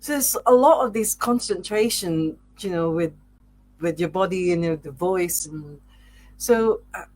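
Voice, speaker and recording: A woman's voice: lowish voice, expressive, measured pace, a little mellow. A woman hosting a podcast who asks her guest questions in a rambling way, often searching for words. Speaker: podcast host. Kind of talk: casual interview chat.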